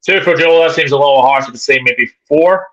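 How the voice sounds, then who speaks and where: A man's voice: fairly high pitch, fairly quick, a bit bright, dull audio. A man hosting a live football chat stream, reading viewer comments aloud in a chatty way. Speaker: host.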